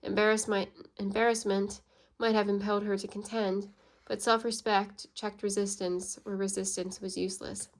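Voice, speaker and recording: A woman reads a classic novel aloud, her pitch held level with little rise and fall. The delivery is steady and measured, and the quoted dialogue gets only a slight lift rather than full character voices. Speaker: audiobook reader.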